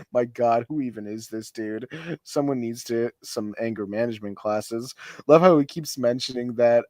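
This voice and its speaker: A man's voice: medium pitch, unhurried, a little mellow, no echo, studio quality. A man, a podcast co-host, doing a theatrical comedic reading of online posts and often breaking into laughter. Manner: theatrical, over-the-top delivery. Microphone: home mic on an online stream call.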